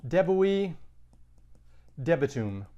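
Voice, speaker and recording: Man, Latin teacher, casual asides, slightly high voice. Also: big pitch swings, takes it slowly, dark tone, highs cut off. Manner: thinking aloud, casual asides. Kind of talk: recorded lesson.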